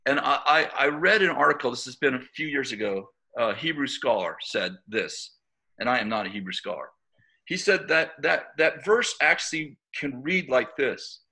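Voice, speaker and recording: A middle-aged man preaching to his church in a loose, storytelling way, full of restarts and fillers. His voice has a gravelly edge with a bright, forceful tone. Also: mid-range voice, animated, normal speed. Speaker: church leader. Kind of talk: informal preaching to a church group.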